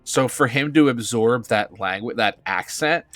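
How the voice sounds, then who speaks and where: A man's voice: mid-range voice, measured pace, a bit bright, no echo, faint music behind. A man streaming a video game, talking casually in a rambling, hesitant way with blunt opinions. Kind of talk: casual commentary over a game.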